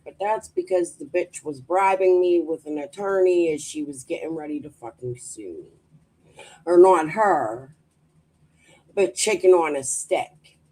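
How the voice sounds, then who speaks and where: Blunt woman host, low and mellow. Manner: blunt and profane. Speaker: streamer host. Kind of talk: casual livestream commentary.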